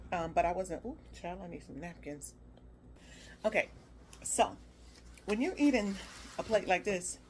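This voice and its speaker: A woman's voice: mid-range voice, slight background noise. A woman food vlogger giving a casual, playful review, humming and exclaiming as she tastes. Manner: chatty and playful, hums and exclaims while tasting.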